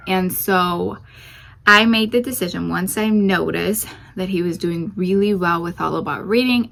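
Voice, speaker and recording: A woman's voice: on the low side, vocal fry, a bit bright, slight background noise. A young woman who hosts a homeschooling channel, chatting casually through a curriculum review with lots of fillers and restarts, a little out of breath. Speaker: homeschooling mom channel host.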